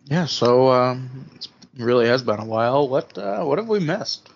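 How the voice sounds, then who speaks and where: Offhand male co-host, husky. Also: mid-range voice, moderate pace. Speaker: podcast co-host. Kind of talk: casual chat. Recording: dull lo-fi podcast audio.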